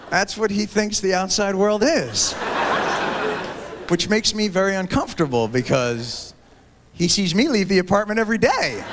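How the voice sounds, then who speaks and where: Man in his thirties doing stand-up, animated and quick to act out voices, noisy old tape with a big live crowd. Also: high-pitched. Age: 30s. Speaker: stand-up comedian. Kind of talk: stand-up routine. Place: theater stage before a live audience. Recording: 1990s TV special from VHS with loud crowd. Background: audience laughter and applause.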